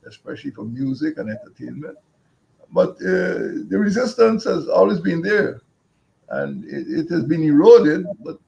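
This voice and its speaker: A man answering interview questions in a measured, halting way with many restarts. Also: a little high, vocal fry, warm tone, highs cut off. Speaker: guest.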